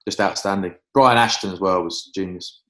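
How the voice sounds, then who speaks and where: An English man and former rugby player, a guest in a casual interview, telling lively stories and swearing freely. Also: sits low, normal speed. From England.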